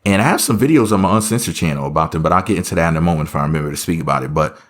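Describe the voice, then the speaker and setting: A man's voice: low-pitched, expressive, racing. A man giving casual reaction commentary, rambling and sarcastic, full of offhand asides.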